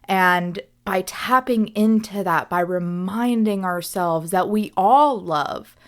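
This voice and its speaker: A woman's voice: medium pitch, slow pace. A young woman hosting a reflective solo podcast as a coach, speaking earnestly and often checking in with "right?".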